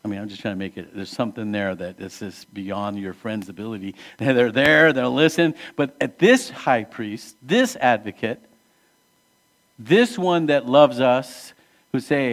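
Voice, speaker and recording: A male pastor preaching in a relaxed, conversational way, speaking to the congregation as if to friends. His voice sits at an ordinary pitch and swings from emphatic, louder rises down to hushed, soft drops, with rhetorical questions thrown out to the room. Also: a little slow. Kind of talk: sermon.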